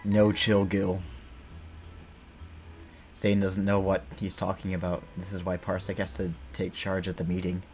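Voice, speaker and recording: A man's voice: low voice, completely flat delivery, a little slow, pauses often, darkish tone, slight background noise. A man streaming a game, chatting casually and rambling, joking and swearing freely as he plays. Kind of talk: casual gameplay commentary.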